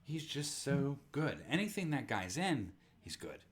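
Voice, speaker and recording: A man's voice: medium pitch, very animated, measured pace. A man co-hosting a podcast in casual chat, enthusiastic and swearing often. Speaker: podcast co-host.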